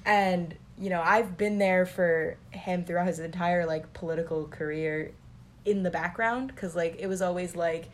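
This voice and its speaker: A woman's voice: lowish voice, moderate pace. A young woman telling family stories in casual chat, rambling with many filler words.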